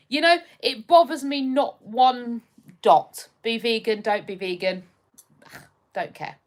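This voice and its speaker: A woman's voice: on the high side, moderate pace. A young woman from just outside London, hosting a live stream in casual chat, rambling with lots of ums as she reads viewer comments. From just outside London, England. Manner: chatty and rambling, with frequent ums and restarts.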